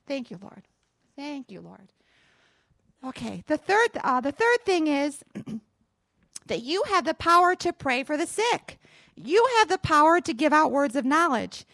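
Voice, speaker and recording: High-voiced woman pastor preaching. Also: big pitch swings, unhurried, fairly bright tone, dry recording, studio quality. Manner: prayerful, repeats "Father" and "Lord"; storytelling, earnest and encouraging. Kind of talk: sermon with prayer.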